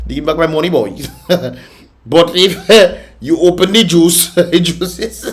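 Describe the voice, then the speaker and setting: Chatty man, fairly high voice. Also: takes it slowly. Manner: chatty, laughs often, Caribbean creole phrasing. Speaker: reaction vlog host. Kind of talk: casual commentary on viral videos.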